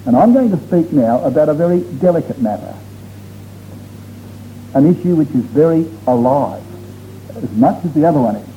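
Pausing often at a normal speed, a man with a slightly high voice and lively intonation preaches to his congregation. He is earnest and emphatic, lengthening key words for emphasis, and the recording is dull and lo-fi with faint noise.

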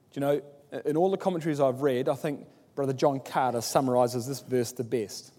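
A man preaching an expository Bible sermon, emphatic, with rhetorical questions and animated scripture quotes. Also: mid-range voice, fairly quick. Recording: long hall reverb.

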